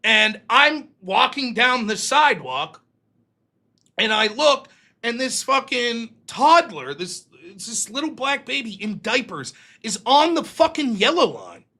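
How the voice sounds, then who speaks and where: A man's voice: extremely high pitch, very animated, measured pace, sharp tone. A man hosting a live stream, casually telling rambling, profane stories from his youth. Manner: profane, rambling anecdotes with quoted voices. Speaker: host.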